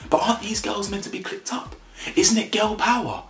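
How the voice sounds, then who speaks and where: A man speaks briskly in a fairly bright tone, mocking a reality show in a blunt, animated rant and copying cast members in high voices. The sound is roomy, with faint music in the background.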